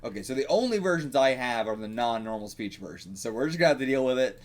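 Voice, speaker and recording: A man's voice: mid-range voice, animated, fast talker. A man reacting to a manga, rambling casually, swearing and laughing as he reads.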